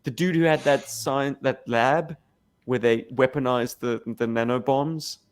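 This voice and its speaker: A man's voice: medium pitch, steady tone, measured pace, smooth. A South African man co-hosting a podcast, jokey and teasing as he steers the chat. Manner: jokey and teasing, leads the discussion. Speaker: podcast co-host. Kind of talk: casual chat.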